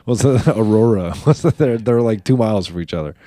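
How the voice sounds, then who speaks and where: A man who is a stand-up comedian, chatting casually as a podcast guest, often mumbling and trailing off quietly. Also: fairly low pitch, animated, a little fast, no room sound, clean studio sound.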